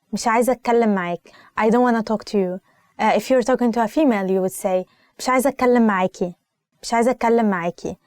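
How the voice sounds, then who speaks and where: Young egyptian woman teaching phrases, talks fast, lots of uhs, dry close sound. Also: medium pitch, a little mellow, no echo. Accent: Egyptian Arabic. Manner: explains phrases, repeats them, many "uh" fillers. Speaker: language teacher. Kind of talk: casual language lesson.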